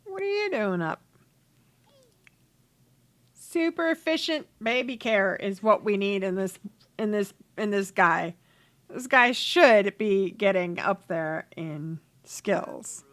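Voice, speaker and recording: Bright, lively woman narrating a game. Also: medium pitch, slow pace. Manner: voices her game characters' bickering in quoted lines, laughs often. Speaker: let's play host. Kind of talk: casual gameplay commentary.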